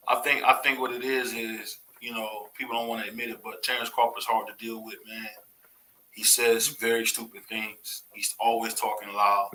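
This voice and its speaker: A man from Cleveland hosting a casual boxing talk show, animated and laughing often as he repeats his points. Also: lowish voice, normal speed, echoey room, slight background noise, poor audio. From Cleveland, USA. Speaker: podcast host.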